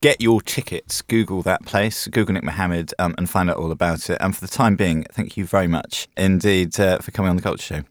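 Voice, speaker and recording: A man hosting a radio interview show, playful and quick to joke and laugh. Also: deep voice, fairly even intonation. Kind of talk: casual studio interview.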